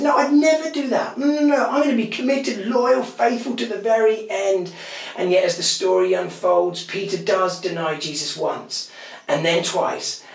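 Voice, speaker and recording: Dramatic preacher with gravelly voice. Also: male voice, on the high side, recorded from a distance. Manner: dramatic, swinging from loud emphatic bursts to hushed whispers. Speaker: pastor. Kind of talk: sermon. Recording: echoey room, voice from off the mic.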